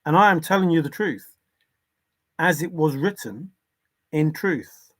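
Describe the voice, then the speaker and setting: A man with a fairly high voice hosts a casual livestream from home. He talks in an earnest, insistent way and stops to answer viewer comments. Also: unhurried, a bit bright. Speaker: livestream host. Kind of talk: casual livestream talk on religion.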